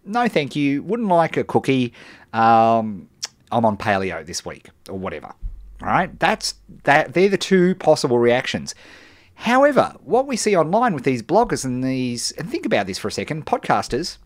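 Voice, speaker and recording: A man's voice: medium pitch, dry recording, clean studio sound. A man hosting a live stream, explaining business ideas in an emphatic, off-the-cuff way with many fillers and restarts. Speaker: host answering business questions.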